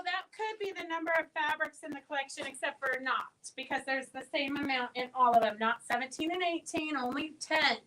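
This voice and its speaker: A woman's voice: high voice, bright, forceful tone, low-quality recording. A woman hosting a casual live-stream fabric sale, chatting and answering viewers' comments as she goes.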